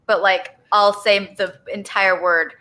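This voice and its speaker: A woman's voice: medium pitch, steady tone, takes it slowly, pushed and bright. A woman co-hosting a casual podcast, chatting in a reflective way with many fillers. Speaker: podcast co-host. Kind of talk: casual chat.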